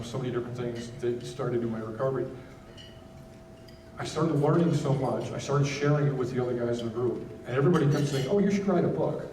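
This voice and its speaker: A man tells his own story from the stage, stopping and restarting as he searches for words. His voice is mellow and unforced. It reaches the mic from a distance, with the echo of a large hall and a faint rumble underneath. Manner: halting, candid, many restarts. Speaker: keynote speaker. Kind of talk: personal testimony speech. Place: gala event hall.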